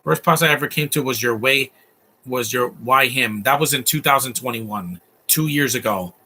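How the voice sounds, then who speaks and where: Husky chatty man doing movie commentary. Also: mid-range voice, normal speed, bright, forceful tone. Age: 30s. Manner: chatty, opinionated, laughs often, many fillers. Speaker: film commentator. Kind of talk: casual live movie commentary.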